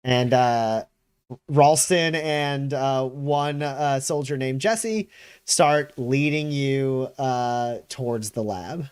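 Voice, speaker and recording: A man's voice: mid-range voice, slow, a little mellow, smooth, no echo. Guy gm narrating a tabletop game, laughs a lot, dry sound. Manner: laughing, rambling, lots of fillers. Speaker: game master.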